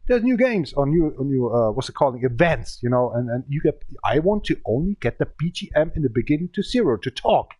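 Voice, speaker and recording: A man's voice: mid-range voice, big pitch swings, a little fast, few pauses, a little mellow, slightly rough, no echo. A man in his thirties giving rambling, complaining gameplay commentary in broken English. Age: 30s. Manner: speaking with a cigarette in his mouth. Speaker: gaming channel host.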